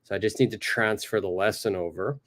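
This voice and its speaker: Running a live online English lesson from his computer, a man with a lowish, slightly bright voice slowly drills phrases while staying upbeat and encouraging.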